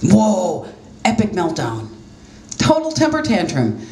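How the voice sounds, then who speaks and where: A woman's voice: on the low side, wildly swooping pitch, slow, a little mellow, a little hiss or hum. A middle-aged woman doing a stand-up comedy set, telling self-deprecating stories in a chatty, conversational way on a small club stage. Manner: self-deprecating, conversational storytelling with quoted voices. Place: small jazz club stage, live audience laughing. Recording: roomy club sound with faint ambience.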